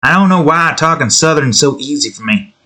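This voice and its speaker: A man's voice: a little high, animated, a little fast, sharp tone. A man hosting his own channel, chatting casually to himself as he draws, trailing off and thinking aloud. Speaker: channel host drawing on stream. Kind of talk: casual rambling commentary while drawing.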